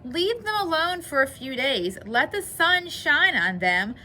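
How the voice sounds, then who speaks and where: A woman voicing a calm, wise male frog who patiently explains things in a storybook read-aloud. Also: high-pitched, unhurried, voice pushed up, full character voice.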